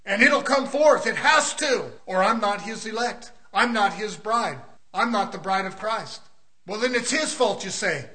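A man's voice: very high-pitched, bright, forceful tone. A man preaching a fervent sermon at a church service, emphatic and full of rhetorical questions.

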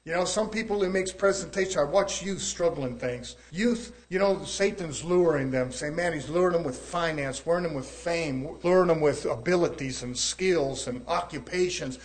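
Folksy preacher, surging delivery. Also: male voice, fairly high pitch, normal speed, hardly any pauses. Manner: folksy, rising and falling in volume, preaching cadence. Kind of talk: sermon.

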